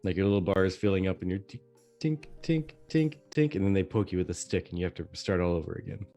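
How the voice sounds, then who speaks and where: Low, mellow-voiced man co-host, spins long animated gaming stories. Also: soft background music. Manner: animated storyteller, drawn-out explanations. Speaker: podcast co-host. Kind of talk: casual gaming chat.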